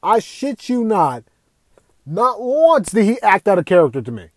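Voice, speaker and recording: A young man hosting a casual gaming podcast, talking in an excitable, profane, rambling way. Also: high-pitched, normal speed, dry recording. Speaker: podcast host.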